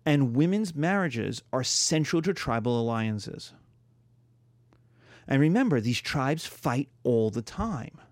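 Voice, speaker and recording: A man teaching a history class in a lecture style, telling lively stories and acting out little scenes. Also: mid-range voice, takes it slowly, dry recording. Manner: animated storytelling, acts out quarrels in voices.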